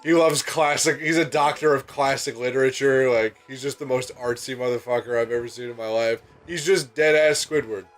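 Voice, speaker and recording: A man's voice: mid-range voice, steady tone, a little fast, hardly any pauses, faint music behind. A man in his twenties chatting casually while playing a game, rambling through stories with plenty of laughter and swearing, on a microphone set on a bucket. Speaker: let's play co-host, student. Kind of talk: casual gaming chat.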